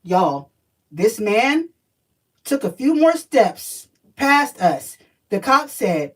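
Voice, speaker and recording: A woman telling a personal story on a livestream, animated and profane, talking straight to her viewers. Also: fairly high pitch, slow pace, recorded from a distance, poor audio.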